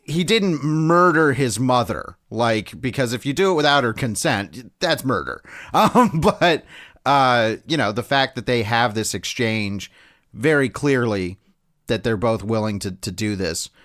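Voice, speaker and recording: A man with a medium-pitched, fairly bright voice speaks in an animated but unhurried way. As a podcast co-host in a casual film discussion, he's loose and chatty, full of "um"s and restarts.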